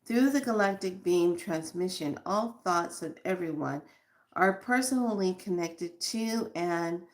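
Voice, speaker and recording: A woman's voice: fairly low pitch, animated, unhurried. A middle-aged woman hosting a spiritual channel, chatting casually and animatedly, laughing often and repeating questions in a rhythm. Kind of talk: casual spiritual vlog talk.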